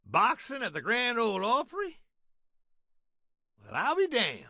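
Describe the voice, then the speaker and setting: An actor playing a boisterous older gambler animal in a game, drawling. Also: male voice, extremely high pitch, wildly swooping pitch, unhurried, pushed and bright, no echo, clean studio sound, heavily acted. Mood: jovial.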